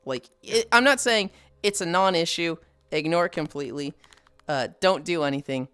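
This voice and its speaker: A woman's voice: on the low side, normal speed, a bit bright, clear, resonant tone, no room sound. A woman streaming live while on a walk, chatting bluntly with friends and reading chat aloud. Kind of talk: casual livestream chat while walking.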